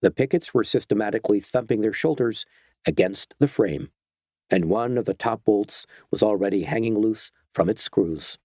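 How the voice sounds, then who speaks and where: Low-voiced male audiobook narrator. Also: normal speed, a little mellow, dry recording.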